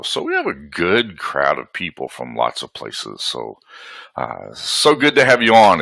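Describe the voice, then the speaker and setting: Broadcasting his webinar from home, a Southern American host talks in a low, bright, forceful voice with no echo. His manner is folksy and chatty, and he welcomes attendees by name.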